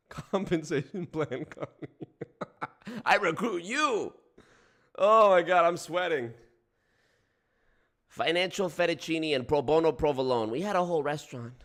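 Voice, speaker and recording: Lively laughing male streamer. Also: on the high side, slow, pauses often. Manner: breaks into frequent laughter, swears casually. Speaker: streamer host. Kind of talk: casual livestream chat reacting to viewers.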